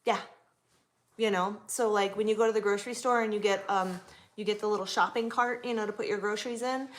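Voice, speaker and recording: Woman, 40s, from the US West Coast, chatty livestream host reading and answering viewers, mid-pitched voice. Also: fairly even intonation, a little fast. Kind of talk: casual livestream chat.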